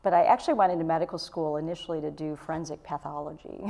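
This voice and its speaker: A woman's voice: sits low, quick pace, creaky, mellow. A middle-aged woman with a Michigan accent, a surgeon guest in an interview, friendly and laughing easily. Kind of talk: casual interview chat.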